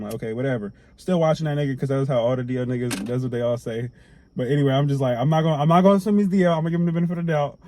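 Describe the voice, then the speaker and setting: A young man telling a storytime to camera in a casual, profane way, jumping between loud outbursts and quiet asides. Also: on the high side.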